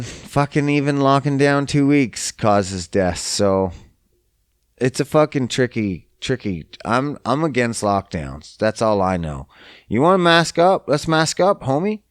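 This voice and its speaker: Speaking slowly but with lively intonation, a young man from Canada hosts a podcast and launches into a profane, exasperated, mocking solo rant. His voice is medium in pitch and clean in tone, with studio-quality sound and no echo.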